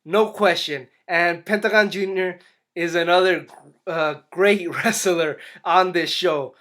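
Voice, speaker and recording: A man's voice: sits high, fairly even intonation, slow pace, bright, forceful tone. A man casually reviewing a wrestling episode for his channel, rambling with frequent restarts and acting out what people said. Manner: rambling, restarts often, acts out quotes animatedly. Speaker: YouTube wrestling and boxing reviewer.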